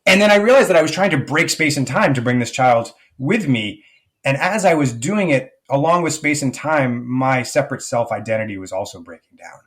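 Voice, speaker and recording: A man's voice: medium pitch, expressive, a little fast, fairly bright tone. A man being interviewed as a guest, a life coach telling a personal story earnestly, with many fillers.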